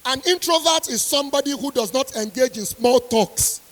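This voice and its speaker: A woman's voice: high-pitched, normal speed. A woman delivers a motivational speech as a strict university lecturer. She is emphatic and repeats her key points for weight. Her voice rings with the long reverb of a large hall.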